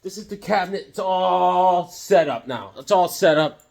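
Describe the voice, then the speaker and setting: A man's voice: sits high, expressive, normal speed, vocal fry, darkish tone. A man chatting casually in a vlog, rambling and joking as he shows off his comic collection at home. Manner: rambling, jokey, loose.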